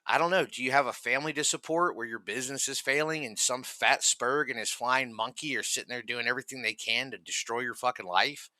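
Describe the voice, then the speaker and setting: A man's voice: mid-range voice, a little fast, hardly any pauses, bright, forceful tone, no echo. A man hosting reaction commentary, ranting furiously and mockingly with constant swearing. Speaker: commentary host.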